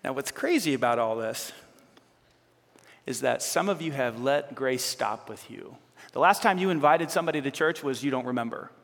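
A man preaching a sermon as pastor, animated and conversational with a teasing edge. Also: medium pitch, normal speed, gravelly. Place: church. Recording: reverberant church hall.

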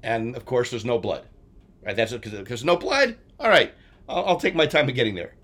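A man in his forties from New Jersey, co-hosting a casual chat and telling stories he acts out with shouts. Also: mid-range voice, brisk. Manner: animated storyteller, acts out shouts. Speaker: podcast co-host.

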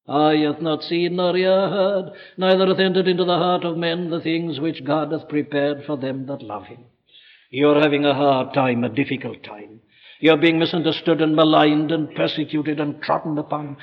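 Guy preaching a sermon, loud then hushed, big hall reverb, dull old tape sound. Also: a little high, fairly even intonation, a little slow, creaky. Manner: dramatic swings from loud exhortation to hushed quotes; old-fashioned scripture quotations.

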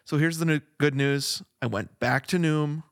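Chatty podcast co-host with dry sound. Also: male voice, on the high side, moderate pace, creaky, dry recording. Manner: chatty, laughs easily. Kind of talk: casual podcast chat. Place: home studio, Flagstaff.

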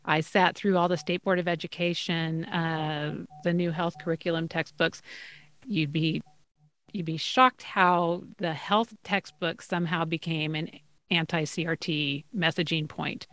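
A woman's voice: deep voice, fairly even intonation, measured pace, fairly bright tone. A woman hosting a podcast discussion, speaking in an earnest, urgent way. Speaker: podcast host. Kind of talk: casual discussion.

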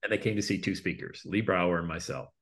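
A middle-aged man telling his story in a casual interview, animated and acting out other people's voices. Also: deep voice, fast talker, vocal fry. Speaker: guest speaker and coach.

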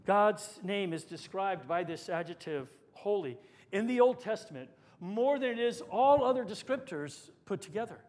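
High-voiced man preaching a sermon. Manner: dynamic preaching, dropping to hushed tones for emphasis. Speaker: pastor.

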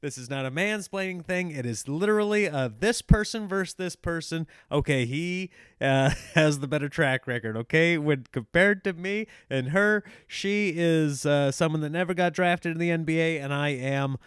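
A man's voice: moderate pace, few pauses, clean tone, no echo, clean studio sound. A man, hosting a podcast and telling a family story with laughs and mimicked voices. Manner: animated, laughing, mimicking others in high voices. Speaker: podcast host. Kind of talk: casual storytelling monologue.

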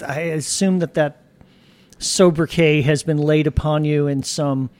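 A man's voice: fairly high pitch, steady tone, a little slow, darkish tone. A man hosting a podcast, asking questions in a genial way with somewhat wordy phrasing. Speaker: podcast host. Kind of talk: conversational interviewing.

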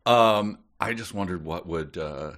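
A man's voice: low-pitched, unhurried. A man co-hosting a podcast, chatting casually and animatedly, laughing and joking. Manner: animated, laughing, breaks into joking snatches of song. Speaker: podcast co-host guessing.

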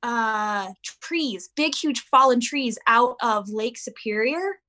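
A woman in her thirties, chatting casually as a podcast guest and telling an animated story. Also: a little high, slow. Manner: animated storyteller, acts out voices of her kids. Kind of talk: casual chat.

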